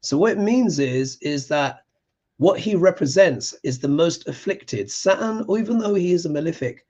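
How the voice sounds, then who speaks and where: A man's voice: a little high, animated, normal speed, a little mellow, dull audio. A man hosting a live astrology show, reading tarot cards and ranting with emphatic passion.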